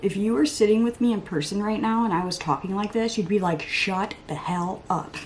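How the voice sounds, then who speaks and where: A woman's voice: mid-range voice, quick pace, a little mellow, a little hiss or hum. A woman in her thirties chatting while doing her makeup at home, rambling and poking fun at herself, sometimes muttering or whispering asides. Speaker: beauty vlogger. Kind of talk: chatty get-ready-with-me makeup vlog.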